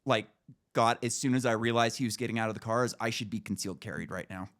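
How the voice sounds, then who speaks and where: A man's voice: on the low side, fast talker, a crowd in the background. A man co-hosting a podcast, telling a story in casual, profane talk and acting out the dialogue. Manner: animated, profane, acts out dialogue. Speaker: podcast co-host.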